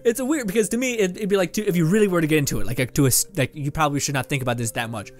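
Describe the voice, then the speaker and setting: Speaking very fast, a young Canadian gaming video host rambles through casual let's-play commentary in his home room with a green screen and lights. His voice is set slightly higher than most men's, he laughs easily and swears without thinking, and faint music plays beneath.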